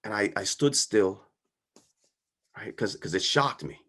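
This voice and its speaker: A man's voice: on the low side, animated, measured pace, bright, forceful tone. A man giving a personal storytelling talk in an earnest, conversational way, often checking in with the audience. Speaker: guest speaker.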